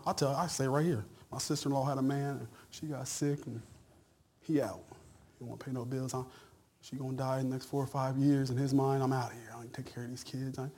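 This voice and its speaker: A middle-aged male pastor preaching a sermon in a conversational, folksy way, stammering and then rising to loud shouted peaks. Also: mid-range voice.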